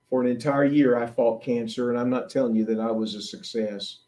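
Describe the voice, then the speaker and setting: A man preaching a sermon, emphatic, swinging between loud declarations and hushed asides, and acting out quoted prayers and questions. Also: medium pitch, fairly even intonation, brisk, hardly any pauses.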